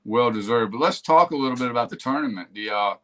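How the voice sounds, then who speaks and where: A man's voice: mid-range voice, animated, fast talker, sharp tone. A man hosting a live-stream interview, chatty and repeating words as he goes. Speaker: host.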